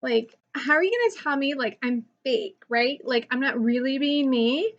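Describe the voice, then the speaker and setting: Woman playing a bright, high-voiced valley girl YouTuber, self-absorbed and rambling, muffled lo-fi take. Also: normal speed. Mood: chatty, indignant. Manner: says "like" constantly, gossipy rambling. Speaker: comedy channel host. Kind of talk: comic character monologue.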